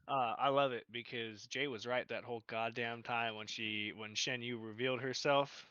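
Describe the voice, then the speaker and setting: A man's voice: mid-range voice, fairly even intonation, moderate pace, pushed and bright, clear, resonant tone, no room sound, dull audio. A man co-hosting a podcast, casually recapping a movie with lots of laughter and profanity. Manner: laughing, profane, acting out quotes. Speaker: podcast co-host.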